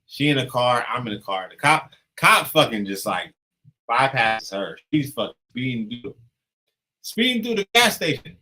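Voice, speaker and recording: A man's voice: mid-range voice, normal speed, low-quality recording. A young man on a podcast, casually telling a profane story and acting out the dialogue. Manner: animated, profane, acts out dialogue.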